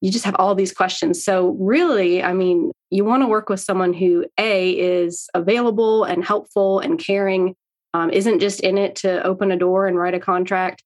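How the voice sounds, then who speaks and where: A woman's voice: mid-range voice, fairly even intonation, normal speed. A woman in her thirties from Canada with a slight Southern US accent, a friendly interview guest who laughs easily and speaks wryly. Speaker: guest, real estate agent. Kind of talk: casual interview chat.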